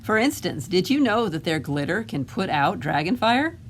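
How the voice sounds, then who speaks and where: A woman's voice: on the low side, sing-song, normal speed, slight background noise. A woman reading as a grumpy, jealous goblin. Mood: grudging. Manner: indignant, sarcastic complaining. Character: grumpy jealous male goblin, self-important. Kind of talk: read-aloud picture book narration.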